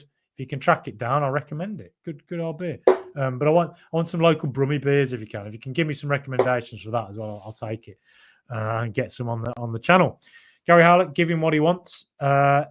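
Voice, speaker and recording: A chatty middle-aged man runs a casual podcast stream, answering viewer comments one after another. He talks in a loose, rambling way, doubling up words and restarting sentences, and throws in jokey asides. His voice sits at an ordinary middle pitch. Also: brisk, background noise. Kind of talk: casual live-stream chat.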